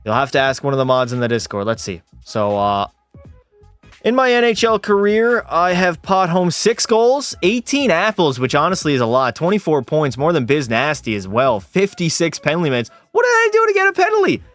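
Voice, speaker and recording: A young Canadian man streams a hockey game, calling plays like a sportscaster and joking casually with chat, cursing now and then. His fairly high voice moves at a moderate pace, with no room sound and soft music in the background. He's excitable, blending mock broadcast calls with offhand swearing.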